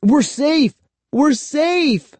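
Panicky young boy, man reader putting him on, high pleading voice, dry close mic. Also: lively intonation, moderate pace, dark tone, no room sound. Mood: shouting. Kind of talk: audiobook reading.

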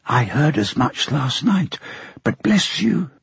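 A man reading an audiobook, voicing a timid little old father who is gentle, anxious and remorseful. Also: on the high side, big pitch swings, measured pace, gravelly, husky, no echo, voice pushed up, full character voice. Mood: pleading. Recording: dull lo-fi sound.

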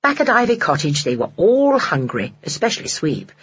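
An expressive audiobook narrator with a husky, breathy voice that moves up and down in a lively way. The recording sounds dull and lo-fi. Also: mid-range voice, normal speed. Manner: expressive storytelling.

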